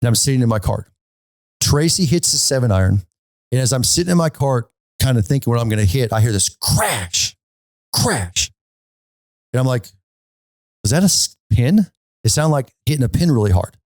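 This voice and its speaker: A man's voice: medium pitch, brisk, dry recording. Chatty male golf podcast host. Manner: animated, repeats himself, often asks "okay?". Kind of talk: casual storytelling monologue.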